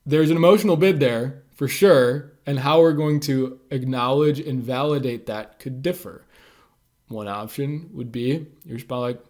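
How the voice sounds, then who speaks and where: A communication tips creator talks casually to camera, giving advice on conversation skills in a loose style packed with filler words. His voice is medium-pitched and a little mellow, at a normal speed.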